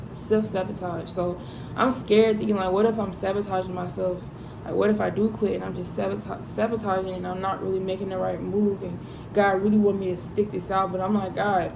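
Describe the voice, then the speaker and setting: A young woman pours out her feelings to the camera in a loose, rambling, confessional way. Her voice is gravelly with fry, and a clear hiss of noise runs under the recording. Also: medium pitch, fairly even intonation, normal speed. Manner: emotional, rambling, filler-heavy confessional. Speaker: vlogger. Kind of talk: candid personal talk to camera.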